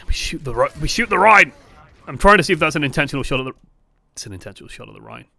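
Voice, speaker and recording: A young man coaching over gameplay footage, moving from calm breakdowns to exasperated outbursts and swearing bluntly. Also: mid-range voice, racing, vocal fry. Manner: swings from calm analysis to exasperated shouting. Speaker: game coach. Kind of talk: live-streamed gameplay review commentary.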